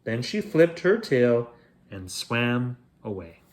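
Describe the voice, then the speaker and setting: A man reads a children's bedtime story aloud as the show's host, with a playful, expressive delivery. His mid-range voice rises and falls in lively, animated swings. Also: mid-range voice, takes it slowly.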